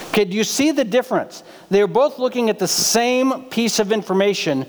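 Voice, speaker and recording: A man's voice: high-pitched, animated, moderate pace, hardly any pauses, long reverb tail. A male pastor preaching a sermon in a humorous, conversational way, throwing questions to the congregation. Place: church sanctuary.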